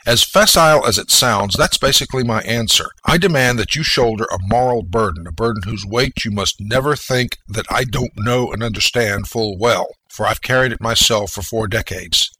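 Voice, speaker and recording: A man's voice: lowish voice, normal speed, few pauses, sharp tone, no room sound, poor audio. A middle-aged American man delivering a scripted radio monologue in an emphatic, lecturing and commanding way. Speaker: radio host.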